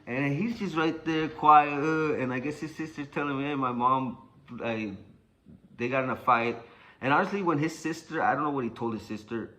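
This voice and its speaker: A young man casually telling a personal story, animated and profane, acting out what people said. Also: mid-range voice, fairly quick, low-quality recording. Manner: animated, profane, acts out quotes.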